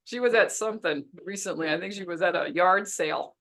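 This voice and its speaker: A woman business coach teaching a webinar in a lively, chatty way, laughing often. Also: lowish voice, fairly quick.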